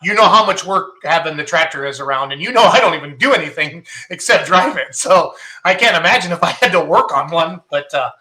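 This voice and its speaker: A man's voice: fairly high pitch, expressive, fairly quick, few pauses, sharp tone. A man from Iowa with a Wisconsin accent, hosting a casual chat in a jokey, upbeat way. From Iowa, raised in Wisconsin. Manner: jokey, upbeat, laughs often. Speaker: podcast host.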